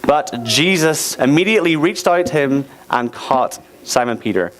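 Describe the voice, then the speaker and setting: A man's voice: a little high, moderate pace, heavy background noise. A man leading a playful, interactive Bible lesson with volunteers, speaking into a handheld microphone. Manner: playful, animated, laughing teacher directing a skit. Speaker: youth teacher.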